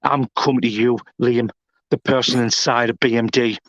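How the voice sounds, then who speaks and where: Casual: threatening wrestling promoter guy, mid pitch, muffled lo-fi audio. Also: steady tone, normal speed, dry recording. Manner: threatening, taunting, rising to shouts. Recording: dull lo-fi sound.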